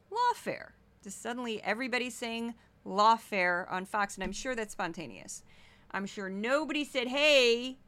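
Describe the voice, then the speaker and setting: A woman from Missouri hosting a casual, sarcastic commentary show, mocking news clips with animated asides. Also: medium pitch. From Missouri, United States. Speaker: political commentary host.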